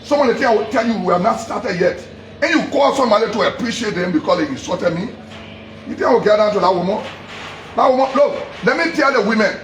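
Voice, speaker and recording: A man with a Liberian English accent delivers a heated public tirade in a very high, strained register. He hammers the same accusations again and again and breaks into shouts at times. His voice bounces around an echoey room over faint background noise. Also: expressive, fast. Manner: heated, accusatory, repeating himself, sometimes shouting. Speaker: politician. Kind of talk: angry public address.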